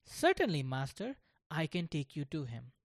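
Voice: sing-song, moderate pace, no room sound. A storyteller voicing an innocent, earnest young boy in a children's storybook. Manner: pleading, high and earnest.

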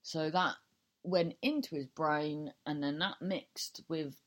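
With a low-sitting, fairly bright voice and fairly even intonation, she takes her time. The comedian and podcast host chats solo, improvising a daft story she keeps restarting, with free swearing and self-deprecating humour.

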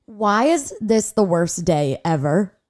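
A young woman telling an animated story. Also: mid-range voice, slow, over loud music. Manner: animated storytelling, playfully indignant. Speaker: podcast co-host. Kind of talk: casual chat.

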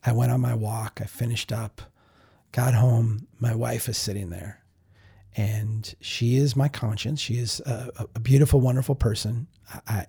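A podcast host telling a candid, self-reflective story in a casual monologue, often restarting and repeating words. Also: male voice, medium pitch, gravelly, dark tone, breathy edge. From Minnesota.

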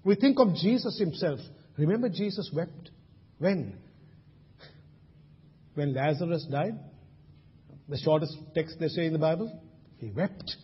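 A man's voice: fairly high pitch, expressive, a little slow, pauses often, husky. A man from Sri Lanka preaching a sermon in a large church hall, emphatic, with rhetorical questions. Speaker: pastor. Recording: dull lo-fi sound with long hall reverb.

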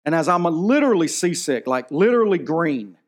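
A man in his thirties preaches to his congregation, his voice sitting a little higher than most men's. He tells a story from his own life with earnest feeling, the way a pastor speaks from the pulpit. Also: sing-song, fairly quick. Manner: personal storytelling, emotional and earnest. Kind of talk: sermon. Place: church.

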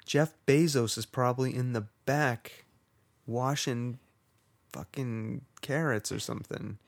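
A man's voice: medium pitch, fairly even intonation, takes it slowly, gravelly, no echo. A man co-hosting a podcast, ranting sarcastically and swearing a lot. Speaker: podcast co-host. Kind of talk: casual podcast rant.

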